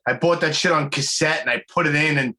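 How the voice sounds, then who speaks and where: A man's voice: fairly high pitch, quick pace, pushed and bright. A man hosting a podcast in casual chat, slangy and swearing a lot, calling his guest "dude". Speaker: podcast host.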